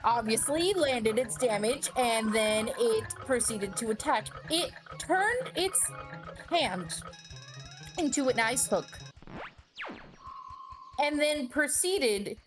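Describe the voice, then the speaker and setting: Animated, swearing woman telling a story. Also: fairly high pitch, slow, pauses often, over music. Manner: animated and expressive, swears freely, laughs often. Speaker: friend recounting a tabletop game session. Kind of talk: casual storytelling on a stream.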